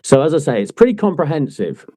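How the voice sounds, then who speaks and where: A man's voice: a little high, sing-song, quick pace, warm tone. A man co-hosting a casual chat podcast, jokey and teasing, laughing often. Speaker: podcast co-host.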